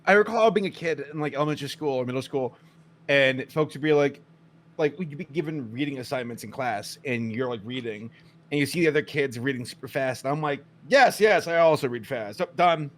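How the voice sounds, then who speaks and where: A man co-hosting a casual podcast chat, telling stories with lively acted-out quotes and frequent swearing. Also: mid-range voice, brisk. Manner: animated storyteller, acts out quotes, swears. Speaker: podcast co-host.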